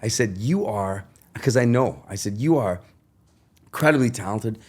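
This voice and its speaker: Animated storytelling man, wide pitch swings. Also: normal speed, breathy edge. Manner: animated storyteller, swears freely, acts out voices. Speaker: guest singer. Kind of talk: casual podcast chat.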